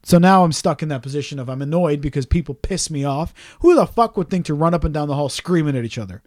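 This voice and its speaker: A man's voice: on the high side, lively intonation, fast, a little mellow, no echo, studio quality. A man telling a long story on a casual podcast chat, swearing often and ranting in exasperation.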